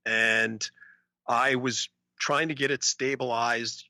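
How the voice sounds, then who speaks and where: A man co-hosting a podcast, telling a story in a casual, animated way and acting out the voices of other people. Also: medium pitch, slow pace, no room sound. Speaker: podcast co-host.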